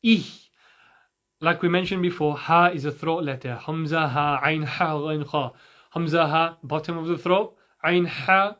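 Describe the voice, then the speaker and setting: A man with a high, bright voice teaching Quran recitation. He is patient and drills each sound slowly and repeatedly. The audio is a little dull and lo-fi. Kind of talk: tajweed lesson with slow demonstrations.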